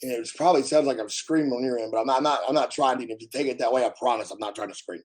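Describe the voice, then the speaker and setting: A man from the United States ranting bluntly at his live chat, his voice hoarse and damaged after covid, talking loudly so he can be heard and swearing freely. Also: medium pitch, rapid-fire, low-quality recording. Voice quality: husky, strained. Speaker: livestreamer answering chat. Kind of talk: casual live-stream rant.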